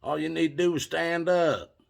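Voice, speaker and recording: A man's voice: fairly high pitch, fairly even intonation, normal speed, creaky, pitched above the performer's own voice. A man voicing a stern, tough country aunt with an Appalachian accent who barks short commands at kids. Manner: bossy, barking short commands.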